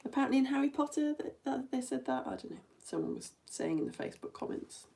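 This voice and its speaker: A woman's voice: high-pitched, big pitch swings, fast talker, warm tone. A woman teaching a live online lesson for all ages in a chatty, playful way, tapping out rhythms as she talks.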